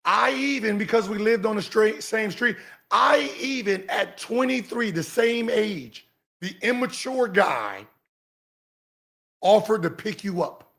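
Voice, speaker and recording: A man in his forties hosting a podcast, giving heated commentary and mocking someone in an animated, sing-song teasing way. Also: sits high, a little slow, gravelly. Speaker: podcast host.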